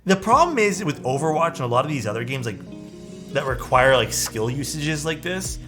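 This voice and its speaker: A young man chatting casually on a live stream, animated and swearing often, calling his viewers dude. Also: on the high side, normal speed, over music.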